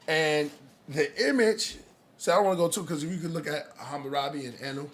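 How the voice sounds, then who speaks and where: A man's voice: on the high side, a little fast, a bit bright. A man co-hosting a casual livestream discussion, teasing and laughing often.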